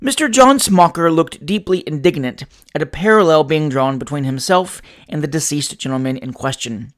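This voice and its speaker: A man narrating a classic novel aloud in a measured, expressive storytelling manner. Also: a little high. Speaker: audiobook narrator.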